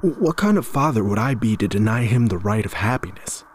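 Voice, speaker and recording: A man telling a first-person horror story in a measured, somber way, stumbling over a word now and then. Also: fairly low pitch, expressive, darkish tone, a little hiss or hum.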